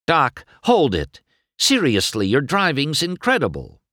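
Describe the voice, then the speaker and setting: A man's voice: on the high side, big pitch swings, normal speed, a bit bright, dry recording, studio quality, voice pushed up. A man voicing a brash, cocky young male race car who talks in an eager, insistent way. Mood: eager pleading.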